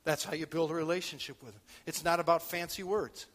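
A man preaching a sermon in church, swinging from quiet talk to loud shouting. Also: on the high side, fairly even intonation, brisk, long reverb tail. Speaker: pastor.

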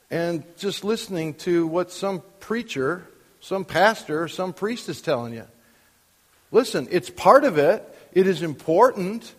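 A man's voice: sits high, darkish tone, long reverb tail. An older man preaching as a pastor, conversational and full of questions to the congregation. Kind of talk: sermon. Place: church.

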